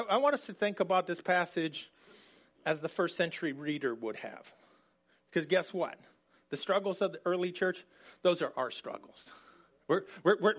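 High-voiced man preaching a sermon. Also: fairly bright tone. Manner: conversational, emphatic, frequent restarts. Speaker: pastor. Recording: dull lo-fi recording.

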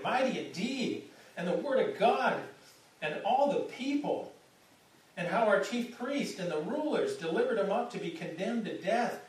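A man preaching a sermon in a conversational way, often repeating words as he starts a phrase. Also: sits high. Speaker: pastor. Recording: echoey hall, distant mic.

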